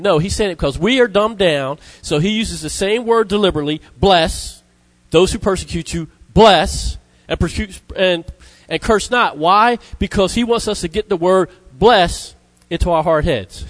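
A man preaching a sermon, emphatic, repeating key words and reading scripture slowly. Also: no echo, rough recording. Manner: emphatic, repeats words, rises in pitch for stress; reads scripture slowly in old-fashioned wording.

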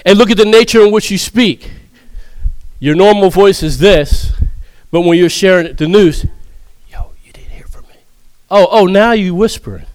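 A man's voice: sits high, dry recording. A man preaching a sermon in a humorous, conversational way, often laughing.

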